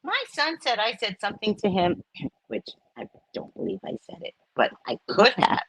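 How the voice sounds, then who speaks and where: A woman's voice: mid-range voice, normal speed, no echo, poor audio. A woman in her fifties, a spiritual talk host, giving a blunt, candid monologue full of personal stories and frank language. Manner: blunt, animated storytelling with frank swearing.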